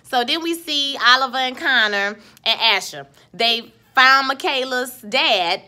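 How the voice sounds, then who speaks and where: A woman hosting a casual TV show recap, animated and chatty, talking straight to her viewers. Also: sits high, a little slow. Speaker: TV recap host.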